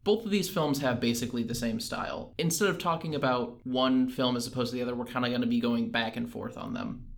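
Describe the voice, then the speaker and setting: A man co-hosting a podcast, analysing animated films in a measured, structured way. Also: mid-range voice, creaky. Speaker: podcast co-host.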